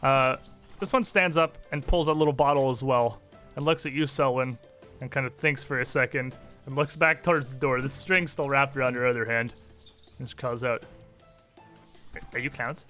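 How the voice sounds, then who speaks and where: Bright-voiced man running a tabletop game. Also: medium pitch, steady tone, normal speed, soft background music. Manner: laughs often while describing the action. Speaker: game master.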